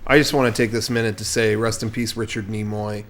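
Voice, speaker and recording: A man's voice: on the low side, little pitch movement. Man rambling with fillers. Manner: halting, filler-heavy, joking. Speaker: podcast co-host. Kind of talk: raw casual podcast banter.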